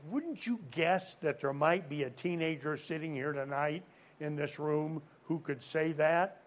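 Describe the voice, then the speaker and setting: A man preaching a sermon to young people, telling a story and asking the crowd questions, swinging from loud emphasis to quiet. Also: a little high, normal speed.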